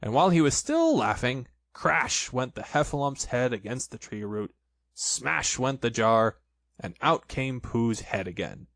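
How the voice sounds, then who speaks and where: A man reads a children's storybook aloud, expressive and playful. His voice rises and falls a lot. The sound is dry and close. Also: mid-range voice, a little slow, creaky, no echo. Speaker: narrator.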